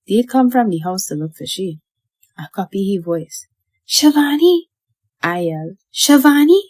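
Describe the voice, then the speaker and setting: A woman narrates a horror tale in the voice of a haunted child. Her delivery is unhurried and her tone mellow and dark. The recording is dry and close. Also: lowish voice, no echo. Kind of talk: scripted horror story narration.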